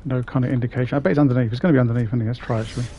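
A man's voice: medium pitch, steady tone, racing, warm tone, dull audio, slight background noise. A British man streaming a game, chatting casually with viewers, laughing often and joking about himself.

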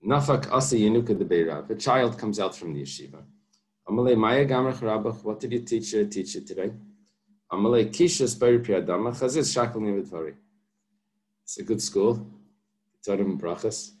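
A man's voice: on the low side, moderate pace, a little mellow, a little hiss or hum. A man teaching a daily Talmud class, reading Aramaic and translating it line by line with patient explanations and light joking asides. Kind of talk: daf yomi Talmud class.

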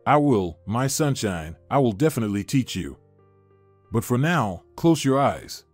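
A man's voice: mid-range voice, very animated, measured pace, no room sound, faint music behind. A man voicing a tender young mother. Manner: tender, emotional. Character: loving young wife and mother.

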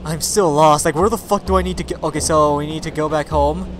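A man giving let's play commentary. He is excitable, swears a lot and yells at his game companion. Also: a little high, a little fast, soft background music. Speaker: gaming video creator.

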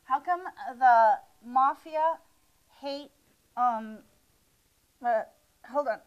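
A female stand-up comic telling jokes as a talk show guest. Her voice sits high, and she fumbles and restarts as she goes. She sounds like she is on an indoor studio set. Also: very slow, clean tone, lo-fi sound. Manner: rambling, stumbling storytelling.

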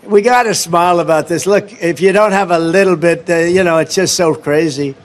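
A man's voice: high-pitched, brisk, slight background noise. A man from the United States giving a rambling, boastful rally speech full of repetitions and asides. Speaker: political candidate at a rally.

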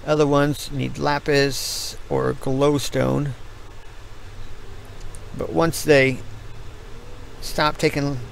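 A tired middle-aged American man with a gravelly voice, yawning as he rambles through casual commentary on his gameplay stream. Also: fairly high pitch, level tone, very slow, long pauses, slight background noise, rough recording.

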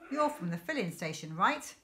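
A woman voicing a hostile, bony gamekeeper in a storybook reading, talking in a gruff, sneering way. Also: fairly low pitch, big pitch swings, moderate pace, bright, forceful tone, a little hiss or hum. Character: hostile gamekeeper, tall bony man, threatening.

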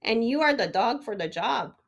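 A woman's voice: fairly high pitch, expressive, normal speed, gravelly. A woman doing a laid-back little chihuahua. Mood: chatty. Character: smallest male chihuahua, chatty and laid-back. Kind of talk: storybook read-aloud.

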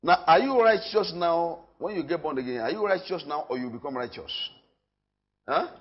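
A man's voice: on the high side, moderate pace, highs cut off. A man preaching a sermon, calling out questions to the congregation and declaring lines back. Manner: animated preaching with call-and-response. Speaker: pastor.

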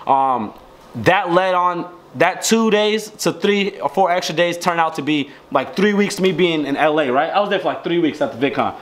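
A man's voice: a little high, lively intonation, moderate pace. A young man from Georgia in the US, rambling in slang to the camera at home and restarting his sentences. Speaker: vlogger. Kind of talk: casual chat to camera. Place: at home indoors.

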